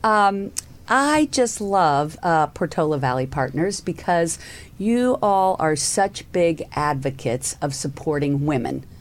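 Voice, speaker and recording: Upbeat podcast hostess, Southern lilt. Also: female voice, sits low, lively intonation, slow. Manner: effusive, upbeat, with fillers. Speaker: podcast host. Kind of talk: enthusiastic interview hosting.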